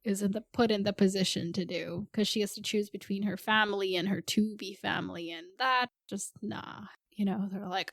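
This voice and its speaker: A woman's voice: mid-range voice, moderate pace, vocal fry, few pauses, no room sound. Dry-sounding woman retelling the episode. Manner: narrates plot, acts out characters' lines. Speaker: podcast co-host. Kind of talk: casual chat recapping a TV episode.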